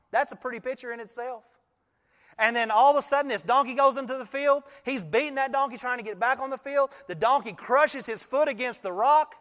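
A male pastor giving a sermon, telling the story in an animated way and often laughing. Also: very high voice, big-room sound.

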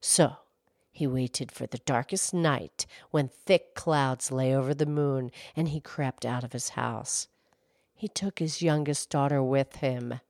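Slow, expressive woman storyteller. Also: very deep voice, no room sound, clean studio sound. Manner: expressive, measured. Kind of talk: storybook reading.

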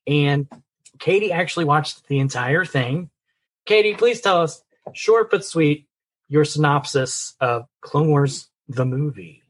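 Guy hosting a movie chat show, kinda high voice, upbeat and chatty. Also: expressive, unhurried, breathy edge. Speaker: podcast co-host. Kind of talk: casual chat.

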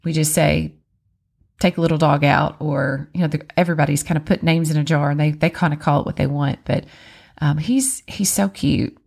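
A woman in her thirties, a mother of four, telling a personal story in a chatty, animated way and acting out what people said. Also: deep voice, fairly quick, gravelly, husky.

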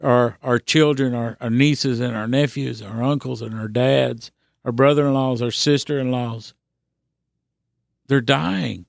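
Male podcast preacher, gravelly and slightly high, earnest and insistent, dry close mic. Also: fairly even intonation, measured pace, no room sound. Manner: earnest, repetitive exhortation with restarts. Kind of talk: sermon.

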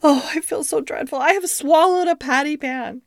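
A woman's voice: fairly high pitch, big pitch swings, unhurried, fairly bright tone, dry recording, clean studio sound, exaggerated voice. A woman voicing a greedy, anxious and genteel female dog in a storybook reading, fussy and flustered in her politeness. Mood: distressed.

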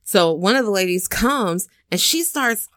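A woman's voice: mid-range voice, animated, unhurried, a bit bright, no echo. A woman telling a story in casual chat, talking loosely with plenty of filler words and acting out the scenes she describes. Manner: chatty storyteller, many "like"s, acts out scenes. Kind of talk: casual chat recapping a film.

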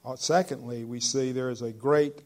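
A man preaching a sermon in an earnest, conversational way, with sudden loud stresses on key words. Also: medium pitch, fairly even intonation, normal speed. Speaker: pastor.

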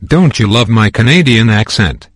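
A man's synthetic-sounding voice dropping flat, deadpan joke lines into a podcast. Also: lowish voice, moderate pace, dry recording.

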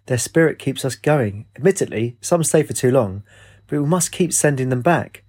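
A man's voice: medium pitch, expressive, normal speed, darkish tone, lightly acted. A man reading an urgent male captain pleading for help in a storybook.

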